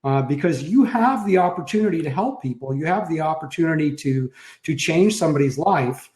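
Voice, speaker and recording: A man's voice: on the high side, animated, fairly quick, a little mellow. A man co-hosting a marketing webinar, talking in an easygoing way with small restarts. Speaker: webinar co-host. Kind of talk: casual webinar talk. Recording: roomy echo.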